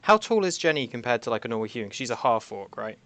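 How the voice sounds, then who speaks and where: Gravelly man thinking aloud. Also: mid-range voice, sing-song, quick pace, fairly bright tone, dry recording. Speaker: player. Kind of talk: casual tabletop chat.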